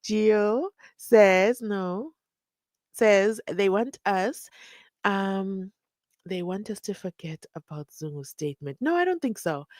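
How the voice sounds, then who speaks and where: A woman's voice: medium pitch, dry recording. A woman, hosting a live stream, reading viewer comments and acting out the people she quotes with sarcasm. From South Africa.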